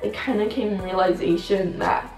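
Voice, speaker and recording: A shy teenage girl co-hosting a casual sit-down chat, soft-spoken and hesitant, full of fillers. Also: medium pitch, steady tone, normal speed. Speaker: channel co-host. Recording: roomy sound, mic at a distance, faint music.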